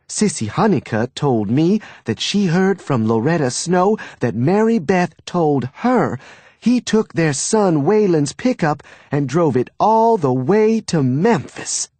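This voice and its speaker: A man voicing a bossy, gossiping middle-aged mother, in a sharp, domineering manner. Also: fairly low pitch, no room sound, voice pushed up.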